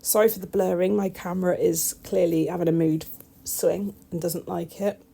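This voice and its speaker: Woman, nail tech voice-over, chatty and wry, gravelly, warm dark tone. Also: fairly low pitch, fairly even intonation, moderate pace, slight background noise. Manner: chatty, self-deprecating, wry asides. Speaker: nail technician. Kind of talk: casual voice-over tutorial.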